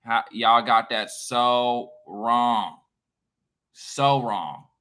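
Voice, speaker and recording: Man, casual monologue to viewers, bright tense voice, profane, emphatic, loud then quiet. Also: mid-range voice, extremely slow, clean tone. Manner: animated, swings between loud and quiet. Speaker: online creator.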